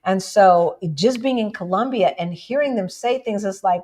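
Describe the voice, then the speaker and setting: A woman from the United States co-hosting a casual livestream, chatting with viewers and often asking "right?". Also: moderate pace. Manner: animated, jumps up in pitch for emphasis. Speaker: livestream co-host.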